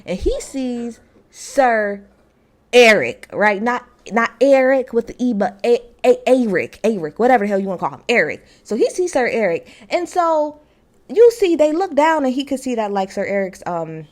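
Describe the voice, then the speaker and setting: A woman's voice: on the high side, normal speed. A woman recapping a TV episode in a heated, emphatic rant, full of slang and repetition. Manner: animated, emphatic, slangy storytelling. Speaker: TV show reviewer.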